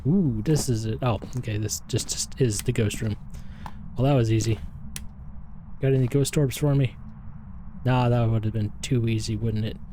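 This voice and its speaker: A slightly hoarse, out-of-breath man giving rambling, self-deprecating commentary while streaming a game. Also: mid-range voice, dark tone, slight background noise. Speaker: gaming streamer.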